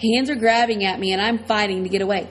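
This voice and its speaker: A woman's voice: mid-range voice, fairly even intonation, quick pace, a little hiss or hum, low-quality recording. A woman reading a first-person novel aloud as audiobook narrator, in a tense, dramatic way.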